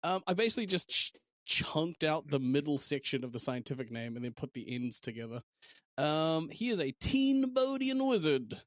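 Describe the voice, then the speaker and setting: Playful, lively New man. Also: fairly high pitch, normal speed, no room sound, studio quality. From New Zealand. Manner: playful, laughing, teasing. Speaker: podcast co-host and game master. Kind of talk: casual chat.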